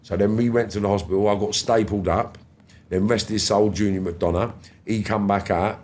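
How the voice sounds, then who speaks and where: A man's voice: on the low side, normal speed. A man in his fifties, a podcast guest telling stories casually and animatedly, acting out other people's lines and swearing freely. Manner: animated, acts out quoted voices, swears freely. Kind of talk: casual storytelling.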